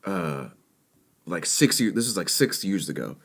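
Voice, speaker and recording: Animated young man telling a story. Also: low-pitched. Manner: animated, quick to act out quotes. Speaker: podcast co-host. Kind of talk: casual storytelling chat.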